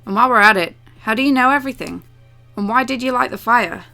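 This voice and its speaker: A woman voicing an angry young woman in a game who fires off loud, insistent questions. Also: a little high, fast talker, gravelly, soft background music. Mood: demanding.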